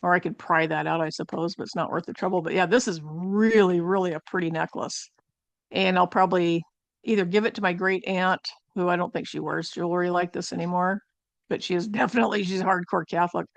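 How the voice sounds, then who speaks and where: A woman's voice: lowish voice, fairly even intonation, brisk, creaky, dry recording. A woman at home chatting through a casual product haul review for her channel, rambling with fillers and asides. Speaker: channel host.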